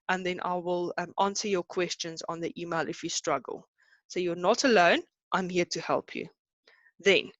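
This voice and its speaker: A woman with a South African accent teaching an online class, chatty and brisk, hurrying her students along. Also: lowish voice, a bit bright, dry recording. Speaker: Afrikaans teacher.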